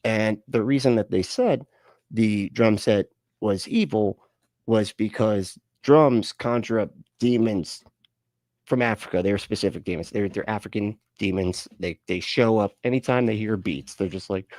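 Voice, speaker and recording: A man's voice: fairly low pitch, moderate pace, darkish tone, no echo, clean studio sound. A man hosting a live reaction stream, sarcastic and laughing through his jokey asides.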